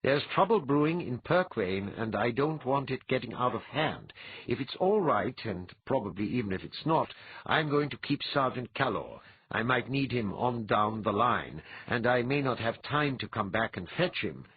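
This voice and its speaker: A man voicing a wry, confident man with dry humor and a husky sound. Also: mid-range voice, animated, moderate pace, phone-quality sound.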